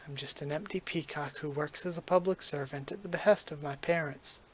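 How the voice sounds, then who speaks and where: A vain young male peacock working a dull civil-service job, soft-spoken and melancholy, as a man reads him from a manga. He sounds subdued, his voice sitting a little high. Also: a little fast, slightly rough.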